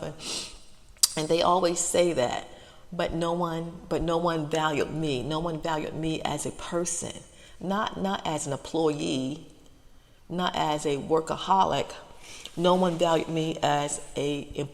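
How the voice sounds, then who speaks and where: Low, gravelly woman rambling softly in her car. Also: steady tone, in a large hall. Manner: halting, repeats herself, many fillers. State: close to tears, choked up. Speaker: ASMR channel host. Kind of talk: soft-spoken storytime ramble in a parked car. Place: inside a parked car.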